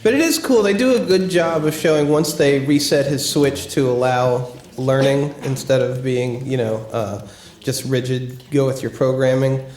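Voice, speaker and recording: A man's voice: medium pitch, normal speed, darkish tone, roomy sound. A man co-hosting a casual podcast, chatting enthusiastically with casual swearing. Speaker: podcast co-host. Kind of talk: casual chat.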